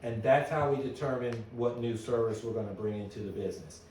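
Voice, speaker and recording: A middle-aged man giving a conference talk to an audience, telling stories in a lively way and asking the room questions. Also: medium pitch, a little fast, slight background noise. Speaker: business owner giving a presentation. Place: meeting room at an annual meeting. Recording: echoey hall, voice from a distance.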